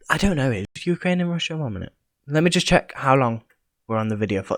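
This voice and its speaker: A man's voice: on the high side, lively intonation, moderate pace, dry recording. Rambling young man. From England. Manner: rambling, hesitant, reading from a screen. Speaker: YouTuber. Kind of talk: casual vlog commentary.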